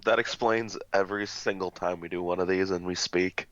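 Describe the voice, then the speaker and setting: A man's voice: low voice, fairly even intonation, moderate pace, fairly bright tone, muffled recording. A man co-hosting a casual podcast chat, laughing easily and talking through hesitant restarts. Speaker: podcast co-host.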